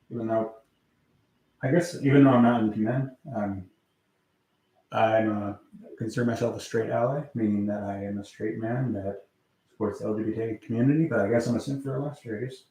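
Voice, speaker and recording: A man's voice: lowish voice, fairly even intonation, brisk, a little mellow, reverberant, rough recording. A man streaming live, chatting casually in a rambling, hesitant way full of fillers and frequent swearing. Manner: swears a lot. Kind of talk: casual livestream chat.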